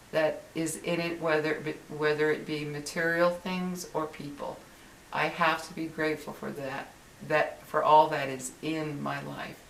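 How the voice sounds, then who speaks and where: A woman's voice: low-pitched, a bit bright. An older woman talking earnestly to camera from her living room, rambling with frequent restarts. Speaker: vlogger. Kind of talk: casual motivational talk to camera. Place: home living room, indoors. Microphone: built-in camera mic. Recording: roomy and distant with faint hiss.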